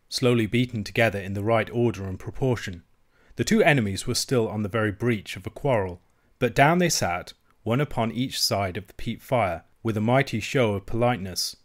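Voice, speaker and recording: A man narrating a classic novel as an audiobook reader, with steady, measured reading. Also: fairly low pitch. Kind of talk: scripted narration.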